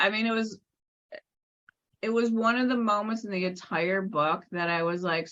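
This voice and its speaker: A woman's voice: medium pitch, muffled recording. A middle-aged woman, a salon spa owner and author, telling stories in an interview and acting out the voices of the people in them. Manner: lively, acts out quoted voices. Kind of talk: animated storytelling in a podcast interview.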